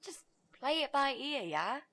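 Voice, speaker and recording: An actress playing a brash young woman student who talks her way in as a babysitter, bold and quick to take charge. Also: high-pitched, very animated, bright, forceful tone, full character voice. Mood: urgent.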